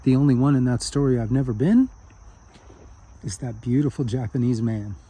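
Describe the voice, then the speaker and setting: A man's voice: mid-range voice, steady tone, normal speed, warm tone, breathy edge. Earnest man telling a spiritual story. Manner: earnest, heartfelt.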